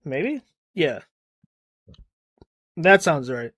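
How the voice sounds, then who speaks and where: A man's voice: fairly high pitch, big pitch swings, very slow, a bit bright, no room sound, studio quality. A man co-hosting a podcast in casual chat, often laughing while he tells stories. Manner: laughs through his own stories. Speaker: podcast co-host.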